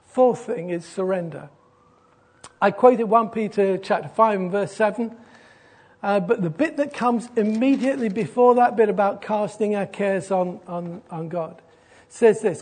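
A middle-aged man, a pastor preaching an earnest sermon that softens into a quiet, gentle invitation. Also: high voice, moderate pace.

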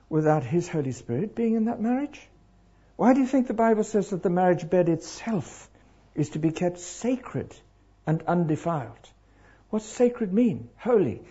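High-pitched animated guy preaching, a bit husky, dull lo-fi recording. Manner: animated, asks the crowd questions. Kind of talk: interactive sermon.

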